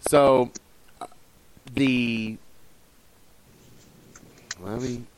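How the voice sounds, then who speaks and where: A man's voice: medium pitch, steady tone, extremely slow, clean tone, rough recording. A man hosting a casual interview, reacting briefly and laughing along with his guest. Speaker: interview host.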